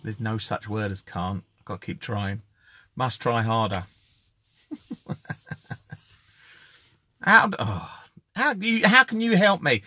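Hosting a casual live-stream giveaway, a man jokes, chats, and shouts out viewers by name. His voice sits fairly low and sounds animated, though he speaks slowly with frequent pauses, and the recording is dry.

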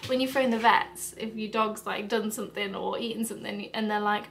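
A woman's voice: medium pitch, steady tone, fairly quick, gravelly, a bit bright, slight background noise. A young British woman vlogging in a rambling, casual, confessional way, tearful and emotional. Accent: British English. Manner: chatty, rambling with fillers and asides.

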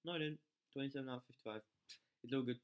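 A gamer commentating live gameplay, excitable, yelling at troops, swearing and mocking themself. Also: medium pitch, very fast, clear, resonant tone, dull audio. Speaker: game channel host.

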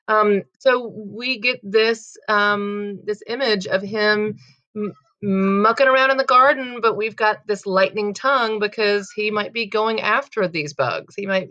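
A woman's voice: mid-range voice, fairly bright tone, highs cut off. A woman teaching a casual poetry lesson, talking in a chatty, filler-heavy way and correcting herself as she goes.

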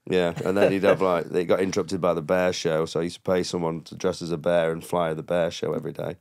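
A man's voice: low voice, flat delivery, quick pace, creaky, a little mellow. A comedian guest on a podcast telling rambling anecdotes and often laughing at his own stories. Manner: quotes people in a raised, mocking voice. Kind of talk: casual podcast storytelling.

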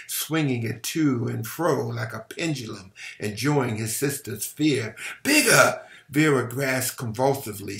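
A man's voice: medium pitch, gravelly. A man reading a novel aloud dramatically, sometimes stumbling and rereading words. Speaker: reader. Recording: roomy echo.

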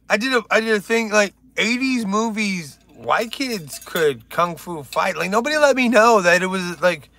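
A man's voice: high voice, lively intonation, moderate pace, hardly any pauses, bright, forceful tone. A man doing casual stand-up on a live stream, rambling, swearing and joking with his viewers.

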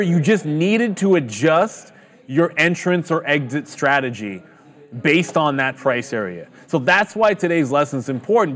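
A man giving a trading lesson in an emphatic, instructive way. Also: a little high. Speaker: trading educator.

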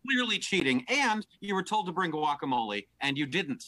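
An older man runs an improvised game as game master, speaking in a dry, deadpan way over a video call. His voice is bright and his pitch moves around a lot. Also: normal speed. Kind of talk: improvised comedy scene.

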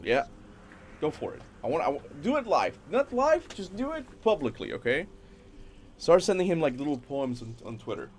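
A man streaming a video game, chatting casually and excitably as he plays, with the odd swear. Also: on the high side, normal speed, slight background noise. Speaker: gaming streamer. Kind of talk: casual live gameplay commentary.

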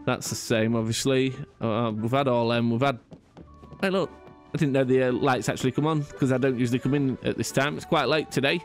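A man's voice: medium pitch, steady tone, brisk, faint music behind. A man rambling through casual gameplay commentary, chatty and self-mocking with frequent restarts. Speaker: gaming YouTuber.

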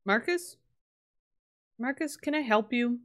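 A woman casually commenting on a life simulation game as she plays, chatty and excitable, laughing often. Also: a little high, takes it slowly, slight background noise. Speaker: streamer. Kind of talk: casual let's-play commentary.

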